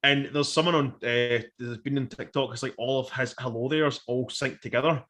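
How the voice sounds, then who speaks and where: Bright animated man. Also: medium pitch, fairly quick. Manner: animated, swearing, acts out quotes. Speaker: podcast co-host. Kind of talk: casual review chat.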